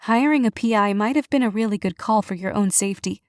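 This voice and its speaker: A sharp young woman amateur sleuth who works through theories out loud at a brisk clip, as a woman narrator puts her on. The sound is dry and close to the mic. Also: medium pitch, no echo, lightly acted. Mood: thoughtful. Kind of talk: audiobook character reading.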